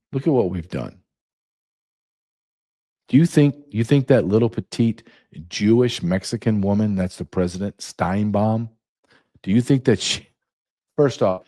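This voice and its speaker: A man's voice: mid-range voice, warm tone. A middle-aged American man hosting his own show, ranting with sarcasm and piling up rhetorical questions. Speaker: podcast host. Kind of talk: ranting monologue.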